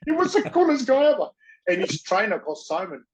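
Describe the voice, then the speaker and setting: A man interviewed as a guest, telling stories in a rambling, excitable way, acting out quotes and swearing now and then. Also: high-pitched, dull audio, noisy background. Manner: excitable rambling storyteller, acts out quotes, swears, halting grammar. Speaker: interview guest, former wrestler and actor. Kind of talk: casual storytelling.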